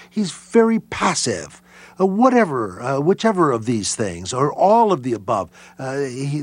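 A man answering interview questions as a historian, halting and full of fillers and restarts. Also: on the high side, husky, no room sound. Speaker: historian guest.

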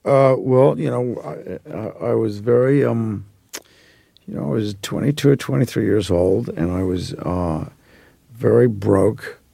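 A man in his forties from Australia who now speaks with an American accent, telling rambling stories as an actor guest in a relaxed interview. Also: lowish voice, measured pace, gravelly, no echo. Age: 40s. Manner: rambling anecdotal storyteller.

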